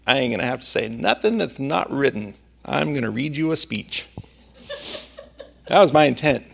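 A man's voice: mid-range voice, lively intonation, moderate pace, vocal fry, a bit bright, husky. A male preacher delivering a sermon, telling a personal story in a conversational manner.

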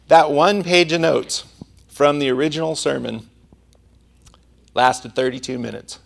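A man's voice: on the high side, a little slow, gravelly, pauses often. A male preacher delivering a sermon, telling a personal story in a conversational manner.

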